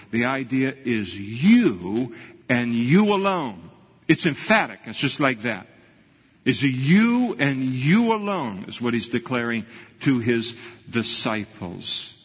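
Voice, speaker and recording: A man preaches with a husky edge, pressing his points and repeating key lines for emphasis. His slow, deliberate delivery rings out with a long reverb in a large church hall. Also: medium pitch, expressive. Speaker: pastor. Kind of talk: sermon.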